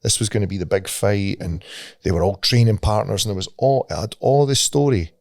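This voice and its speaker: A man's voice: fairly low pitch, a little fast, gravelly, darkish tone, no echo, clean studio sound. A Scottish man co-hosting a podcast in casual chat, swearing freely and laughing at his own stories. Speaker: podcast co-host.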